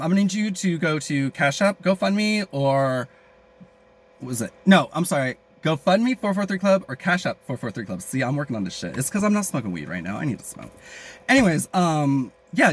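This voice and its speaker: Fast rambling animated young man vlogging. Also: on the high side. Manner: crude, rambling, joking, many fillers. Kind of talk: casual rambling vlog.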